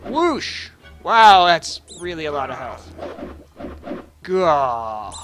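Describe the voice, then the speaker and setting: A man's voice: a little high, animated, measured pace, music in the background. Sarcastic man narrating gameplay. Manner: sarcastic, crude, joking. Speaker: gaming video host. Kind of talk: casual gameplay commentary.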